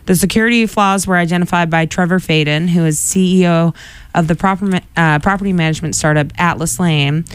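A man's voice: high-pitched, brisk, clear, resonant tone, no room sound. A man hosting a radio show in a studio, chatting casually with lots of "like" fillers and easy laughter.

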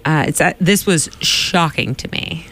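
A man's voice: on the high side, measured pace, sharp tone. A man co-hosting a casual news chat show, chatty, laughing often and trailing off into fillers. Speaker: co-host.

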